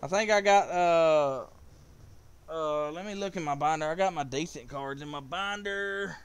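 A man streaming a card game live, chatting with viewers in a loose, profane way and erupting with excited trash talk at his opponent. His voice sits a little higher than most men's and sounds smooth and clear. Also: a little slow. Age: adult with kids.

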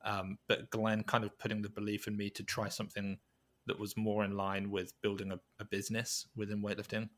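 A man with a low voice talks reflectively in a podcast interview. He speaks haltingly, circling back and restarting his sentences as he works through his thoughts. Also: completely flat delivery, fairly bright tone. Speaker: podcast guest, weightlifting coach.

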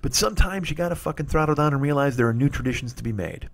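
A man's voice: on the high side, lively intonation, rapid-fire, creaky. Guy in his 40s ranting about food for his podcast, swears a lot, rambly and nostalgic. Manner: profane, rambling, nostalgic rants. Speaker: comedy podcast host. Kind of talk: rambling comic monologue.

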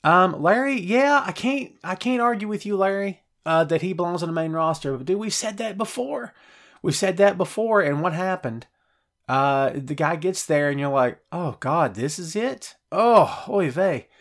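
A middle-aged man hosting a wrestling show, chatting casually and reacting excitedly to viewer comments, with a lot of filler words and restarts. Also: high voice, moderate pace. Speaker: wrestling podcast host.

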